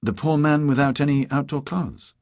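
A man voicing a sleepy, earnest young woman on the phone in an audiobook, with a soft, raised voice. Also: a little high, normal speed, no echo, clean studio sound, voice pushed up, natural voice.

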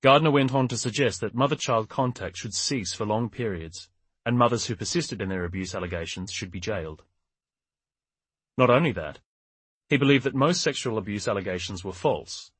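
A man reads a crime novel aloud in a steady, measured manner, his voice lowish and husky. The recording is close and dry, with no room sound. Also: no echo. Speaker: audiobook narrator. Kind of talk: scripted narration.

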